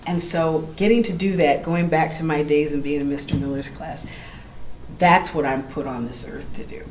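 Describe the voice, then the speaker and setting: A middle-aged woman from Oakland, California, a jazz singer and teacher, telling lively stories between songs and acting out the voices of the people in them. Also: deep voice, moderate pace. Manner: animated, acts out quoted voices, laughs easily. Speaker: jazz vocalist and educator. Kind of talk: storytelling between songs at a live gallery show. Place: gallery event space. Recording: roomy live room with ambient noise.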